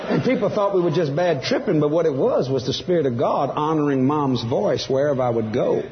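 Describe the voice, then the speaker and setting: A man's voice: fairly high pitch, lively intonation, fairly quick, long reverb tail, lo-fi sound. A man giving a testimony sermon, telling his story with animation and acting out the other voices. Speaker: preacher.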